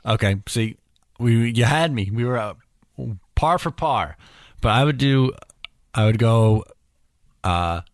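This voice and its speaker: A man's voice: mid-range voice, animated, slow pace, pauses often, no echo, clean studio sound. A man hosting a casual hockey podcast, steering the talk with an easygoing, slightly hesitant manner. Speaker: podcast host.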